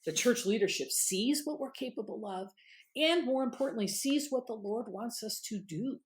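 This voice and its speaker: A middle-aged woman, a guest on an interview show, telling stories in an animated, emphatic way. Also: on the high side, normal speed. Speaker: guest, author and former candidate. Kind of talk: conversational interview storytelling.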